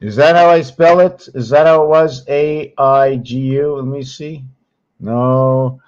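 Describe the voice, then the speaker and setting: A man hosting his own channel, talking viewers through his screen slowly as he searches for things, rambling and correcting himself along the way. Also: medium pitch, fairly even intonation, darkish tone, muffled recording. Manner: slow, rambling, searching aloud with many pauses and self-corrections. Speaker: channel host teaching on screen. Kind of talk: thinking-aloud screen walkthrough.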